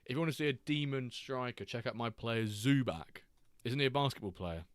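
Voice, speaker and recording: A man hosting a live game stream, chatting casually, greeting viewers and reacting excitedly to player stats. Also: medium pitch, no room sound, studio quality. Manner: chatty, reacts to chat readers by name, quick excited asides. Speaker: streamer host.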